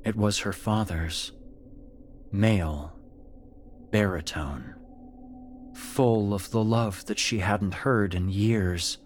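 A man narrating a horror story in a slow, measured, scripted storytelling manner. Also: lowish voice, a little hiss or hum.

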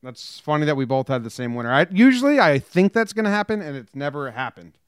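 Smooth-voiced man co-hosting a podcast. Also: on the high side, sing-song, no echo, clean studio sound. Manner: quick, joking, reads listener messages. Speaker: podcast co-host. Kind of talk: casual sports podcast chat.

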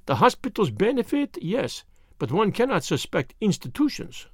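A man voicing a fussy, excitable middle-aged Belgian detective in an audiobook. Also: high voice, slightly rough, no echo, clean studio sound, heavily acted. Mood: brisk. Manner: theatrical, exclamatory, fastidious. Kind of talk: audiobook character voice.

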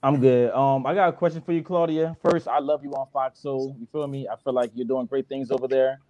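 A man's voice: medium pitch, fairly even intonation, brisk, dry recording, highs cut off. A man calling in to a talk show, asking playful, teasing questions. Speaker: caller.

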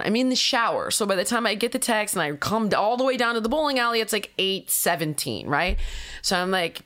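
Blunt profane woman ranting on a podcast, animated stories, middle-aged. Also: mid-range voice, a little fast. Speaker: guest. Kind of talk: casual roundtable talk.

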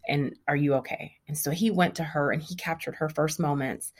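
Low-voiced woman telling her own story. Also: brisk. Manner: candid, animated retelling. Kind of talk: personal story.

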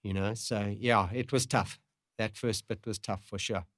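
A middle-aged father, talking in a halting, emotional way and often repeating himself. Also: on the low side, fairly even intonation, a bit bright, no echo, clean studio sound. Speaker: parent, podcast guest. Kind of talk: candid conversation.

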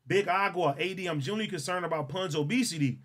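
A man's voice: sits high, fast. A man co-hosting a casual podcast, teasing and trash-talking his friends and laughing often. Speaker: podcast co-host. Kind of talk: casual banter.

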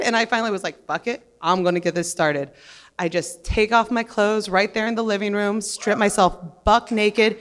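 Brash woman telling a story in a reverberant hall. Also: on the high side. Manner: brash, profane, lively. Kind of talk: live comic storytelling.

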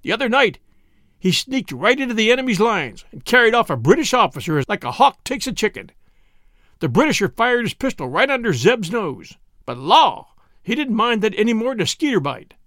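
A man's voice: sits high, very animated, moderate pace, a bit bright, no room sound, pitched above the performer's own voice. Man doing a folksy old cobbler. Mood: teasing. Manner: drawling rustic dialect, dry teasing. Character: wry old country cobbler, folksy and teasing.

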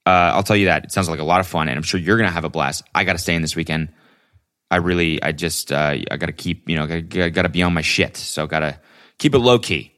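A man's voice: deep voice, fast, fairly bright tone, smooth. A man hosting a solo podcast, talking casually in a rambling, profane way full of fillers. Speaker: podcast host.

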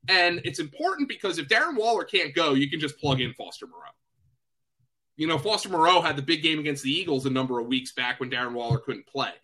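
Male fantasy analyst, chatty podcast delivery, very bright tone, slightly high voice. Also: animated. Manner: quick, chatty, self-deprecating, many fillers and restarts. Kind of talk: casual sports podcast chat.

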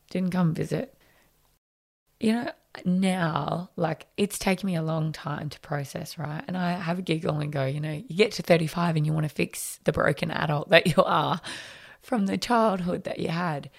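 A woman's voice: deep voice, creaky, breathy edge. An Australian woman in her thirties, a podcast guest frankly telling a personal story in a conversational way, acting out what people said. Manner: frank, conversational, reenacts dialogue with many fillers.

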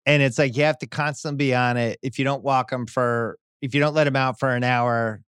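A man's voice: mid-range voice, steady tone, brisk, a bit bright, smooth, dry recording, clean studio sound. Middle-aged man telling a story. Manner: storytelling, acts out quotes in raised voice. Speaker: podcast host. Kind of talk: casual podcast chat.

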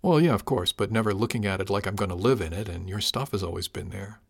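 A man's voice: lowish voice, fast, creaky, slightly rough. Audiobook, blunt teasing woman officer, casual talk, voiced by a man. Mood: frank. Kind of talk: audiobook character reading.

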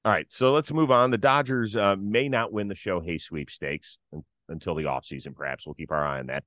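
A man's voice: low-pitched, fairly quick, fairly bright tone, dry recording. A middle-aged man hosting a casual sports talk show, leading the conversation and setting up topics. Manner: conversational, leads the segments. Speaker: podcast host.

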